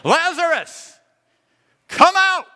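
A man's voice: extremely high pitch, very animated, very slow, in a large hall, voice pushed up, exaggerated voice. A preacher playing a fierce commanding man of authority. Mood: shouting. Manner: loud, forceful commands, rising to shouts. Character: intense, angry man of authority giving commands.

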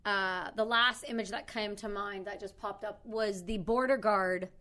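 A woman from Canada with a Canadian accent, chatting casually and teasing back as a podcast co-host. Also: mid-range voice. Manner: lively, quick to tease and protest. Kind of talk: casual chat.

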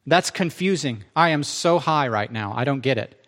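A middle-aged man preaching, telling his testimony in an animated, self-interrupting way and acting out quotes. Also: on the high side, brisk. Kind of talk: testimony storytelling.

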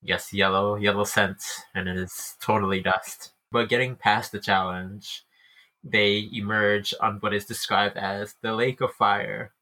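A man's voice: on the low side, flat delivery, unhurried, bright, forceful tone, rough recording. A man co-hosting a book podcast, recapping chapters with dry, wry asides. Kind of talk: casual chat recapping a book.

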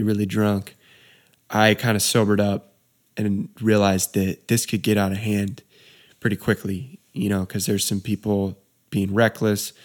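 A man's voice: on the low side, darkish tone. A young man, a wedding DJ, telling a story in casual chat, laid-back and saying dude a lot.

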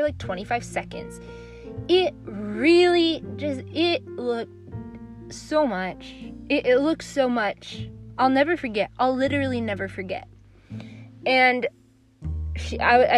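A young woman with a fairly high voice hosts a podcast, ranting through stories in a sarcastic, profane monologue over soft background music. She switches rapidly between mocking impressions.

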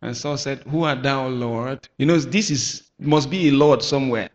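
A man preaching a sermon with emphatic bursts, shouting at times and calling on the congregation to answer back. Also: medium pitch, normal speed, lo-fi sound. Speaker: pastor. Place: church hall. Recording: echoey hall.

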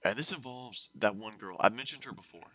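Bright-voiced young man rambling through a story. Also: on the low side, fairly quick. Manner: rambling, self-correcting, animated retelling. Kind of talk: casual storytelling chat.

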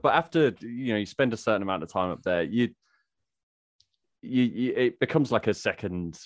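A young man with an English Midlands accent, talking in loose casual chat and cursing freely. He stumbles and restarts his sentences a lot, in a low-pitched voice. The sound is dry and close, with no room around it. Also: animated, normal speed, no echo. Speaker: guest.

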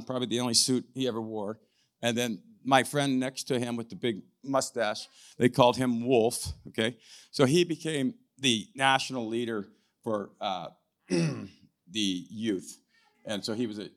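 Older man, guest speaker, church testimony, chatty storytelling, keeps asking "right?", frequent throat clearing. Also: lowish voice. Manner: conversational, tags lines with "right?", clears throat often. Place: church hall, live event.

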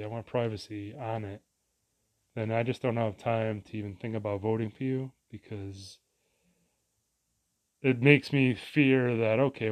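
A man's voice: mid-range voice, darkish tone. A man vlogging a casual, rambling rant, exasperated and profane, full of restarts and asides.

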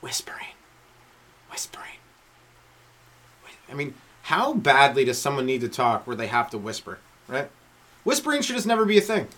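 A man doing a rambling stand-up comedy monologue on his podcast, riffing with frequent asides to the listener and swinging between loud and hushed delivery. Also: medium pitch, sing-song, brisk. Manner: riffing, talks to listener with frequent "right?" and "you know".

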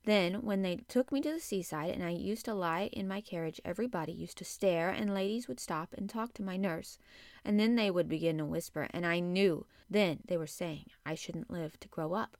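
A woman's voice: on the low side, moderate pace, a little mellow, dry recording, clean studio sound, natural voice. A woman voicing a sickly, petulant young boy in an audiobook. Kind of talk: audiobook character voice.

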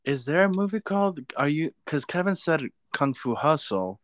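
A man's voice: a little high, lively intonation, normal speed, no room sound. A man co-hosting a casual film review podcast, making dry teasing remarks. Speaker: podcast co-host.

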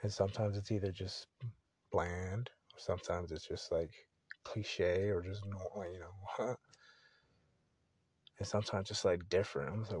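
Profane rambling podcast guy, low voice. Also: steady tone, normal speed, long pauses, darkish tone, slightly rough, no echo. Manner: profane, rambling, laid-back. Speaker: podcast host. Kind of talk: casual solo podcast monologue.

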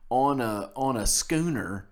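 Slow and animated, this South Mississippi man co-hosts a laid-back podcast, spinning a story with plenty of rise and fall in his mid-range voice. Frequent laughter keeps his delivery relaxed and conversational.

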